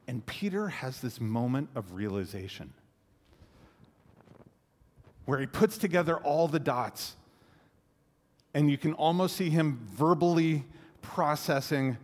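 A man preaching a sermon in an animated way, acting out quotes and swelling to loud climaxes. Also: medium pitch, moderate pace. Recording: echoey hall reverb.

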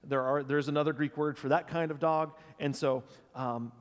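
A man preaching a sermon as pastor, thoughtful and unscripted, pausing with fillers and restarts. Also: fairly high pitch, fairly even intonation. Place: church sanctuary. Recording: long church reverb.

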